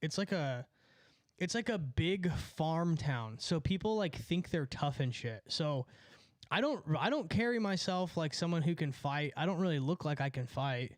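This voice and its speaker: Laughing at his own jokes, a young streamer from California tells a rambling, profane story at a moderate pace. His animated voice sits slightly high for a man, recorded dry and close without room echo.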